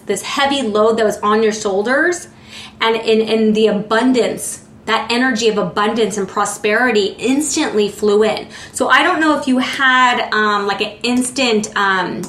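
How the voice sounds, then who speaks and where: A woman's voice: a little high, fairly bright tone, a little hiss or hum. A woman giving a casual tarot reading in a chatty way, often filling with "like" and searching for words. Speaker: tarot reader. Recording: roomy echo.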